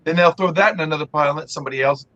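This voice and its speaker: Male podcast co-host, rambling animated talker, slightly higher voice, muffled lo-fi audio. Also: racing. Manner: rambling, animated storyteller, frequent fillers. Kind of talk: casual chat.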